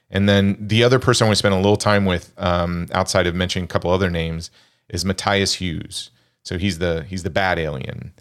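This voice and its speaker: A man with a very low, deep voice talks about movies in a loose, rambling way. He is enthusiastic, and his speech is full of fillers and restarts. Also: fairly bright tone. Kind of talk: casual film podcast chat.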